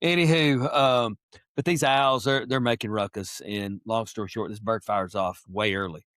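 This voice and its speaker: A man telling a hunting story as a podcast guest, animated and lively, acting out voices and clearing his throat often. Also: fairly low pitch, normal speed, dry recording, studio quality. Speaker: podcast guest, wildlife biologist. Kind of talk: casual storytelling.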